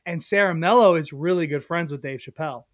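A young man, a podcast co-host and comedian, telling a story in a casual, animated way, full of fillers and acted-out quotes. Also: fairly high pitch, quick pace, dry recording, clean studio sound. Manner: animated, filler-heavy, acts out quoted voices.

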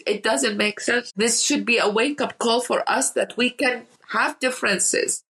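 A woman's voice: medium pitch, sharp tone, husky, rough recording. A woman from Iraq, an interview guest telling emotional stories and repeating words for emphasis. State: emotional, near tears. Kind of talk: emotional storytelling in conversation.

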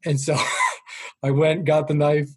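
A middle-aged man with a Boston accent tells stories as an interview guest. His voice is husky and rough around the edges. He jokes at his own expense and lowers his voice when he quotes his parents. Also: little pitch movement, takes it slowly. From Boston area. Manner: self-deprecating, jokey, drops voice for quoted parents. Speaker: sales trainer, guest. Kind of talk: storytelling interview.

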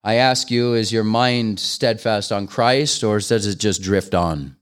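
An older man, serving as guest preacher, delivers a sermon in an earnest, pleading way, pressing his listeners with questions that build into fervent appeals. His voice sits on the low side, with a clean tone and an unhurried pace.

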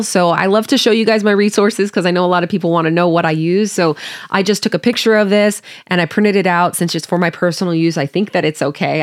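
A woman's voice: mid-range voice, no echo, studio quality. A woman hosting a Bible study podcast, reading scripture aloud and explaining it in a friendly way. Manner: friendly, explaining her study tools to listeners.

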